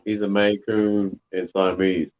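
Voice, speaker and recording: A low-voiced man who chats in a laid-back way, laughing often and dropping swear words into his sentences. His audio comes through dull and muffled, like a remote caller. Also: flat delivery, a little slow, slight background noise. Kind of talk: casual chat.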